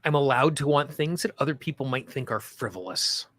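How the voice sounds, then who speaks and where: A man leading a guided tapping session, speaking slow soothing affirmations with chatty asides between them. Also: medium pitch, expressive, fairly bright tone, dry recording. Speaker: tapping coach.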